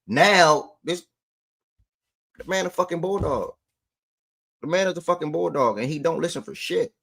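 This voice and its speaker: A man's voice: fairly high pitch, moderate pace, creaky, fairly bright tone. A man hosting a sports livestream, talking to his chat in loose, slangy casual speech. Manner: loose slangy talk, breaks off to call his dog.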